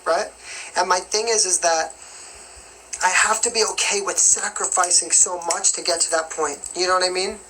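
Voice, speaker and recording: A man's voice: high-pitched, steady tone, normal speed, sharp tone, a little hiss or hum, poor audio. A young man from New York with a light New York accent, casually answering viewer questions on a live stream in a rambling, chatty way. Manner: chatty and rambling, with constant "you know what I mean".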